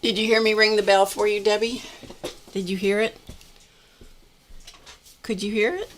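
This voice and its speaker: A woman's voice: medium pitch, flat delivery, normal speed, a little hiss or hum. A middle-aged woman hosting a craft livestream, chatting in a rambling way and greeting viewers by name. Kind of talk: casual livestream chat.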